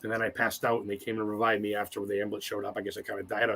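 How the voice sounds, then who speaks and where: Fast, bright-voiced man in his forties. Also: fairly low pitch, level tone, gravelly. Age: 40s. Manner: rambling, profane and emotional. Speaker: podcast guest. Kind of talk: casual interview storytelling.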